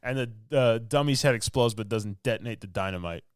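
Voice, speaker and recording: A man's voice: medium pitch, fairly quick, dry recording, studio quality. A man co-hosting a podcast, casually recapping a movie in a rambling, filler-heavy way and laughing often. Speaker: podcast co-host.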